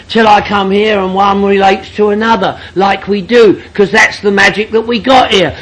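High, bright-voiced man telling jokes. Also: slight background noise, low-quality recording. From London, England. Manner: blunt, joking, swears freely, laughs through lines. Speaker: speaker sharing at a recovery meeting. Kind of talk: comic storytelling to a group.

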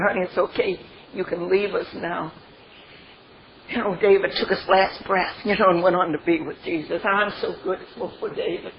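Older lady w a gravelly voice, heartfelt storytelling, laughs a lot, muffled lo-fi tape w faint hiss. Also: medium pitch. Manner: heartfelt, laughs through stories, frequent "you know". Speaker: speaker sharing a recovery testimony. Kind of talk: personal storytelling testimony. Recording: dull lo-fi recording with faint noise.

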